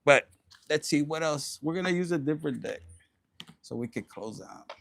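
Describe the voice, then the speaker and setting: A man doing a casual, animated tarot reading, swearing often and slipping into Spanish slang. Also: fairly high pitch, normal speed, creaky, a little hiss or hum. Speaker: tarot reader.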